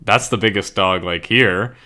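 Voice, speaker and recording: A man's voice: lowish voice, measured pace, sharp tone. A young man voicing a helpful young woman shopkeeper in his own voice, explaining things matter-of-factly.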